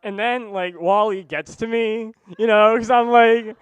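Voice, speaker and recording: A man's voice: high voice, fairly even intonation, unhurried, few pauses, clear, resonant tone, no room sound. A man telling a funny personal story to a live audience in a casual, rambling way, full of "like" and "you know.". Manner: casual, rambling, heavy use of "like".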